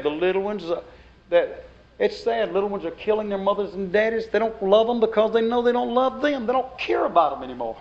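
A man preaching a sermon, building to emphatic outbursts. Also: sits high. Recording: lo-fi dull recording.

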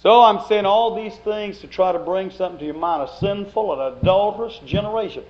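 A man's voice: sits high, brisk. A man preaching a sermon, building to emphatic outbursts. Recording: lo-fi dull recording.

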